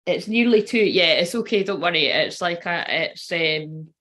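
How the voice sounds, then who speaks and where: A woman's voice: fairly low pitch, moderate pace, a bit bright. A young woman, a tarot card reader, chatting casually and rambling to her viewers, laughing often and swearing freely.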